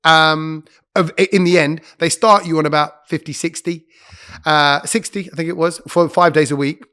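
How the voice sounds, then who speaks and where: A man, a radio presenter, chatting as a podcast guest and telling stories quickly, often breaking off to correct himself. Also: a little high, fairly even intonation, sharp tone, clean tone. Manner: quick, chatty storyteller who interrupts himself. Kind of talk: casual interview chat.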